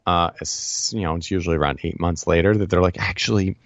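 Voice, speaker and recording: Energetic man telling stories, low voice. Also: no room sound, highs cut off. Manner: energetic storyteller, quick asides and restarts. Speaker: guest. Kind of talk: casual interview chat.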